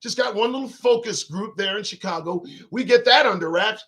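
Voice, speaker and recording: A man's voice: high voice, a little fast, few pauses, sharp tone. A man hosting his own talk show, riffing in a casual live-stream monologue to viewers' chat, profane, rambling and emphatic.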